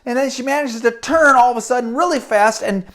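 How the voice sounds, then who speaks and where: Recorded on a camera mic at home, a woman with a fairly high voice tells a children's story a little fast. She keeps it lively, addressing the kids directly and acting out what happens.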